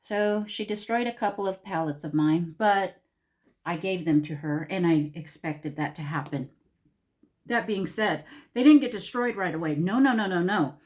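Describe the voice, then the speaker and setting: Chatty middle-aged woman, lowish voice. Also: normal speed, darkish tone. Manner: rambling, conversational storytelling. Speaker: beauty vlogger. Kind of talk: casual chat to camera.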